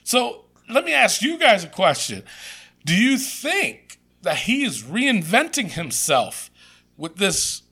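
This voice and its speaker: Animated high-voiced man. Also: slow, husky. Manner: animated, swears freely, laughs often. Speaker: podcast co-host. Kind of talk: casual chat.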